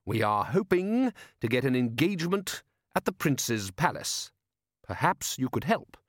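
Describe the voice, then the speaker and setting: Composed, commanding ruler, read by a man, smooth and dry. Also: medium pitch, big pitch swings, measured pace, no echo, pitched above the performer's own voice.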